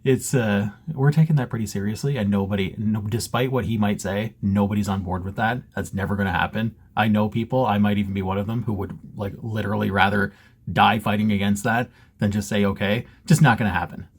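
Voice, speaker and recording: A man's voice: fairly low pitch, steady tone, brisk, husky. A man chatting casually to camera from his basement, joking, self-mocking and laughing often. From Canada. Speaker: cross-stitch vlogger. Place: home basement.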